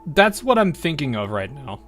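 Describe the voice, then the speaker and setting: American streamer, lively swooping delivery, rambling chat, faint music behind. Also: male voice, a little high, moderate pace. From United States. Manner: rambling, laughs often, trails off into asides. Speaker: game streamer. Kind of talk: casual game commentary.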